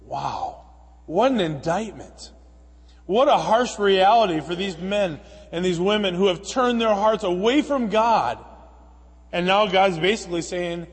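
A man's voice: high voice, a little slow, breathy edge. A man pastor preaching a sermon. He reads scripture aloud with rising emphasis, then explains it in a conversational way. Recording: long reverb of a church hall.

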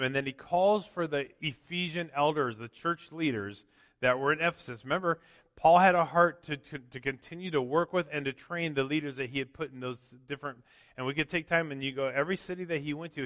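A man preaching a sermon as pastor, swinging from loud emphatic lines to quiet asides. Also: fairly high pitch. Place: church. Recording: long church hall reverb.

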